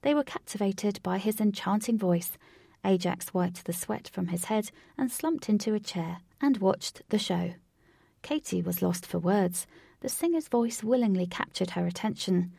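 A woman narrating a storybook in an unhurried way, sometimes dropping into a whisper. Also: medium pitch, vocal fry, mellow, no room sound, studio quality.

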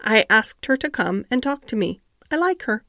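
Woman reading a frail, demanding young boy; low-key, soft, dry. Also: big pitch swings, moderate pace, dry recording, full character voice. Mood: imperious. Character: sickly imperious ten-year-old boy.

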